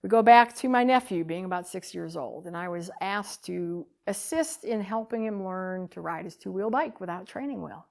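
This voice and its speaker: A woman giving a talk, telling a story with animated swings between loud bursts and hushed lines. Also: mid-range voice, moderate pace, gravelly, few pauses. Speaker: speaker.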